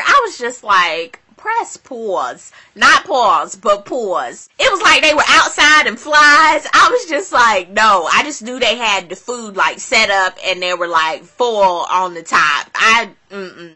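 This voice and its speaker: A woman's voice: on the high side, sharp tone. A woman vlogger giving casual, sassy commentary, acting out quotes dramatically. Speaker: vlogger recapping a reality show.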